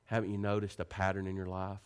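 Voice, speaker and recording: A man preaching a sermon. He moves between quiet, earnest pleading and animated storytelling. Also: fast talker. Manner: animated, rising to high excited pitch when telling stories.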